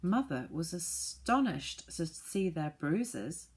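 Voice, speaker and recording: A woman reading a children's storybook aloud, gently voicing the characters. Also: lowish voice, very animated, slow, breathy edge. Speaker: audiobook reader.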